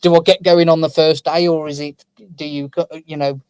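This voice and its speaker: A man's voice: a little high, flat delivery, brisk, darkish tone, smooth, no room sound. A man co-hosting a podcast, teasing and asking the guest questions. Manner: teasing, laughs a lot. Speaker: podcast co-host. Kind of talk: casual podcast chat.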